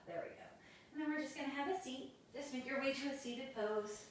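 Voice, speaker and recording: A woman yoga instructor guiding a class through poses, calm and practical, slightly out of breath as she does the poses with the class. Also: high-pitched, normal speed, a little hiss or hum. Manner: calm step-by-step cues with self-aware asides. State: a little out of breath while doing poses. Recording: very echoey room, mic at a distance.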